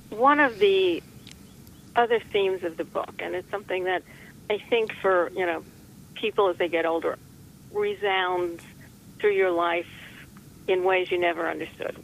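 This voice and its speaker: Reflective author guest, gravelly, rambling with dry jokes. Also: mid-range voice, fairly bright tone, a little hiss or hum, poor audio. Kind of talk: conversational interview.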